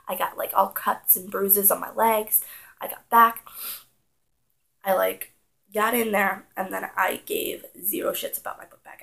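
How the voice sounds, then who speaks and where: Gravelly-voiced young woman telling a story. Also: mid-range voice, rough recording. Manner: animated, acts out her younger self's panic. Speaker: vlogger. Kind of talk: casual storytime vlog.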